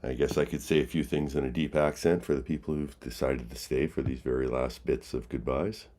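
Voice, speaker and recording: A man's voice: a bass voice, steady tone, brisk, warm tone. A man hosting a late-night chat livestream, goofing around and mumbling asides. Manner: goofy, sings songs loosely and mumbles. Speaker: livestream host. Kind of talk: late-night casual chat stream, singing along.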